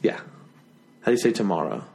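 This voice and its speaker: Joking young man with lively pitch. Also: vocal fry. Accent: slight New Jersey/New York tinge. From Florida. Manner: joking, rambling, quick self-corrections. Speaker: podcast host. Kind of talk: casual chat.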